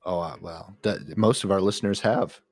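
Easygoing lower-voiced man co-hosting a podcast. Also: fairly even intonation, moderate pace, breathy edge, dry recording, studio quality. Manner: easygoing, self-deprecating, trailing restarts. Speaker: podcast co-host. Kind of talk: casual chat.

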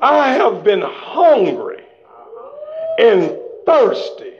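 A preacher delivers a shouted, call-and-response sermon in a very high, gravelly voice. He lingers over his words at an unhurried pace. The recording sounds dull and lo-fi. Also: huge pitch swings, a crowd in the background.

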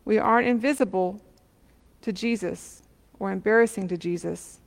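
A woman's voice: mid-range voice, normal speed, vocal fry, long reverb tail. A woman preacher telling a parable in a sermon, with many questions to the listeners.

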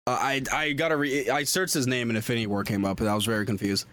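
Rambling excitable young man. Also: medium pitch, quick pace. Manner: excitable, rambling with many fillers and restarts. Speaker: podcast co-host. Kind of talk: casual chat.

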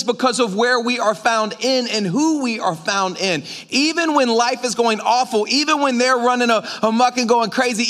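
High-voiced joking pastor. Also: male voice. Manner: joking, conversational, animated preaching with audience asides. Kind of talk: casual sermon. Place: church sanctuary.

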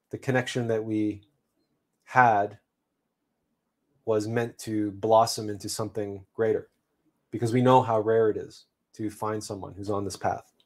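A man hosting a livestream, telling a personal story in an unhurried, reflective way with frequent restarts. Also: on the low side. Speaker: livestream host.

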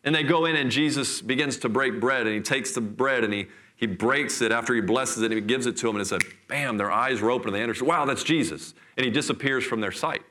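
A middle-aged man preaching a sermon in church, telling a scripture story with lively, acted-out voices. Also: mid-range voice, quick pace, few pauses. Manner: animated storytelling, acts out voices. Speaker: pastor.

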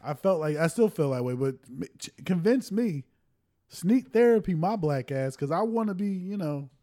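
A man's voice: on the high side, lively intonation, moderate pace, dark tone. Blunt, profane man in podcast chat. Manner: blunt, profane, says bruh often. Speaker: podcast co-host. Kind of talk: casual chat.

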